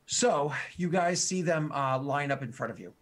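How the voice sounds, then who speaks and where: A man's voice: on the high side, lively intonation, normal speed. A man narrating as game master, rambling with many fillers and restarts.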